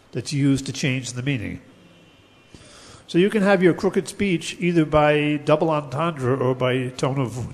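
A man teaching a lecture on poetics, explaining terms step by step and chanting verses slowly. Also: medium pitch, darkish tone, in a large hall.

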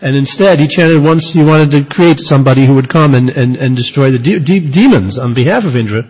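A man's voice: mid-range voice, a little fast, darkish tone, husky, faint music behind. A man teaching a scripture lecture as a religious teacher, emphatic and repeating his key points. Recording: dull lo-fi recording.

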